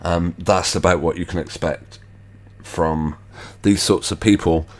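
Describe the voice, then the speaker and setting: A man's voice: low-pitched, steady tone, measured pace. A man hosting an online show, making skeptical, rambling remarks over video clips. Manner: skeptical, rambling asides with fillers. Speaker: host.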